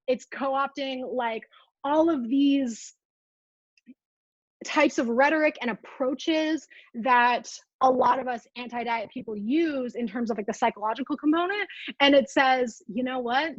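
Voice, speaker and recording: Speaking through earbuds, this high-voiced young woman gives a casual livestream talk as a food freedom coach. She leans on fillers like "like" and responds to viewer comments; the recording is muffled without echo.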